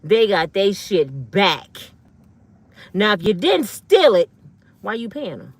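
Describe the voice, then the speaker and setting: A woman's voice: mid-range voice, sing-song, slow pace, breathy edge, dry recording. Fiery, blunt woman in her fifties. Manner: blunt, fiery, profane, slangy. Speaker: online commentator. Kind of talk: ranting monologue.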